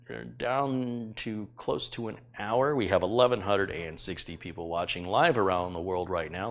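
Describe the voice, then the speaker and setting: A middle-aged man hosting a live stream from his kitchen, chatting casually, teasing and rambling with fillers as he thanks viewers. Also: fairly low pitch. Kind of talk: casual live-stream chat reading donations. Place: home kitchen.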